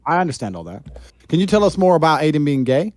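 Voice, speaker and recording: A man guesting on a stream, teasing the host in a dry, deadpan way. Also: on the high side, fast, no room sound. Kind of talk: casual stream chat.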